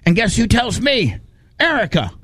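A man's voice: high voice, moderate pace, slightly rough, no room sound. A man hosting a casual studio chat, telling a story with lots of energy and putting on voices to quote people. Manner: animated storyteller, quotes others in put-on voices. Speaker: podcast host.

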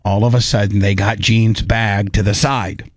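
A man's voice: lowish voice, normal speed, no echo, studio quality. A man telling a long, rambling story in casual talk, acting out what people said. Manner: animated, rambling, acts out quotes.

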